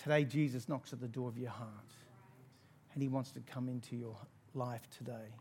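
An Australian man preaching a sermon, telling a personal story in an animated way and laughing through it. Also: mid-range voice, moderate pace, a little hiss or hum.

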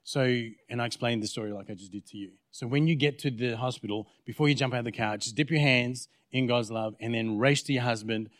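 A man's voice: medium pitch, quick pace, hardly any pauses, dry recording, clean studio sound. A man preaching a sermon as pastor, telling a personal story and acting out the dialogue. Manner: storytelling, acts out quoted dialogue. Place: church.

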